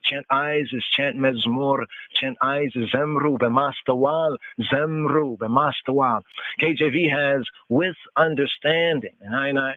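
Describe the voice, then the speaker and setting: A man hosting a call-in podcast, teaching scripture verse by verse. He speaks deliberately, repeats words and glosses, and sometimes half-chants the verses. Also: medium pitch, fairly even intonation, dry recording. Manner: deliberate, repeats each word and gloss several times; half-chants verses in a sing-song intonation. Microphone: phone line. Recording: tinny dry phone line.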